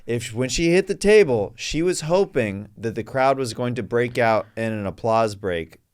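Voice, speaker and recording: A man's voice: mid-range voice, expressive, normal speed, clean tone. A man guesting on a podcast, teasing and joking in casual chat and laughing often. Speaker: comedian guest.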